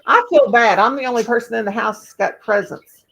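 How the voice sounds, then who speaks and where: A woman's voice: on the high side, fairly quick, creaky, fairly bright tone, rough recording. A woman hosting a casual livestream, chatty and folksy, greeting viewers by name. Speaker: livestream host.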